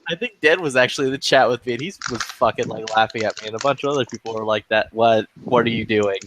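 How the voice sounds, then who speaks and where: A man's voice: medium pitch, quick pace, a bit bright, a little hiss or hum. A man in a casual online voice chat, telling rambling, profane stories. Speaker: gamer in voice chat.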